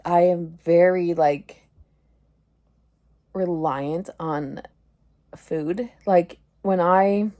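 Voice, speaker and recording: A woman's voice: lowish voice, steady tone, drawn-out words, long pauses, warm tone. A woman in her thirties vlogging in a casual, rambling way, filling her talk with "like" and laughing at herself. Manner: rambling, heavy use of "like", laughing through embarrassment. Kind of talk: casual confessional vlog chat.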